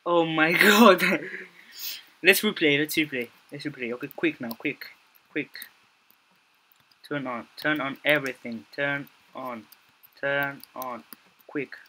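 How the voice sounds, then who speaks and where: Casting: young male gaming YouTuber with a bright, clear tone; jittery, stammering play-by-play that jumps into panicked repeats. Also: fairly high pitch, takes it slowly, long pauses. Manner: jumpy, panicky reactions with frequent swearing and repeated phrases; mutters to himself, stammering restarts. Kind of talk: gameplay commentary.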